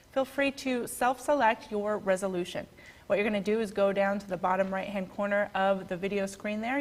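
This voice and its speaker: A woman hosting an online class, explaining in a clear, brisk, instructive way how viewers can follow along. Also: medium pitch. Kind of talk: scripted tutorial narration.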